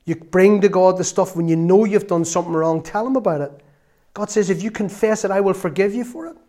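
A man giving an earnest, storytelling sermon that rises into loud exclamations. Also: high-pitched, brisk. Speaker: lay preacher.

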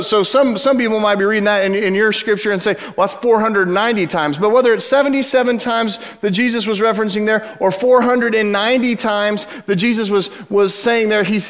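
A man preaching a sermon to his church, telling a story with dramatic shifts between loud emphasis and hushed words. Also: high voice, big-room sound. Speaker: pastor. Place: church sanctuary.

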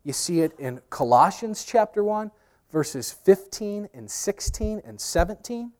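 A man preaching a sermon in a conversational way, swinging between hushed and emphatic lines, with pop-culture asides and self-deprecating humor. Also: high voice, very animated, measured pace. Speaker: pastor.

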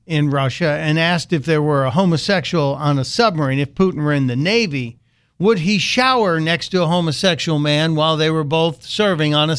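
Radio host guy ranting sarcastically, voice a bit on the high side. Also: a bit bright, smooth. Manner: sarcastic, mocking. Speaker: radio talk show host. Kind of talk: political talk radio monologue.

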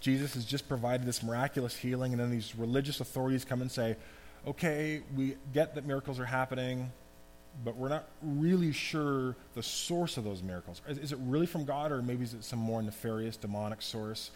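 A man giving a conversational, animated sermon as pastor. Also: medium pitch, fairly quick. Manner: conversational, animated preaching with asides. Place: church hall. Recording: long hall reverb, faint hum.

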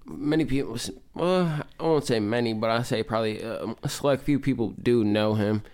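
A man telling an anecdote in relaxed, rambling casual chat. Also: mid-range voice, fairly quick. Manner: laid-back, rambling, casual storyteller. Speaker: chat partner.

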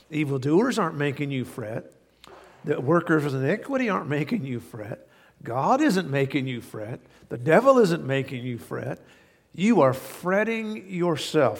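A man with a slightly high, gravelly voice preaches a sermon, pressing each point again and again and leaning on homespun stories. His voice carries a long reverb, as if from a large church hall. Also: big pitch swings, normal speed. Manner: earnest, repetitive emphasis with folksy anecdotes. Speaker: pastor.

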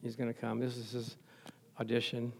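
A man's voice: mid-range voice, completely flat delivery, moderate pace, husky. A middle-aged man preaching a sermon as pastor in a church, joking playfully with the congregation.

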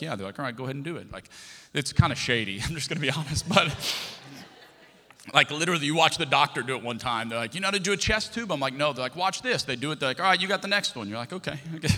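Bright-voiced male pastor in a reverberant hall. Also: mid-range voice. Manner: impassioned, animated retelling with sudden loud outbursts. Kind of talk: sermon storytelling.

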